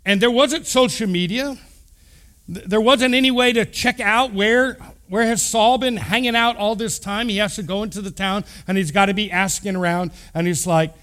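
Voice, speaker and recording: High-voiced middle-aged pastor from Texas. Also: male voice, normal speed. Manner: animated, acts out quoted voices, conversational asides. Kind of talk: storytelling sermon.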